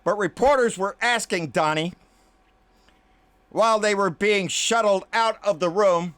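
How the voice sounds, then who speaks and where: A man hosting a political commentary channel, delivering an angry, profane rant to camera. He keeps calling the listener "baby" and often sinks into low, muttered asides. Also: unhurried, fairly bright tone, clean tone.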